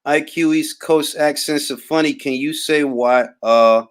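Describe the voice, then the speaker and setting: A young Harlem man with a New York accent hosts a casual boxing talk livestream, reading viewer comments from the live chat in a laid-back, wry drawl. His voice is a little high, unhurried, and he hardly pauses.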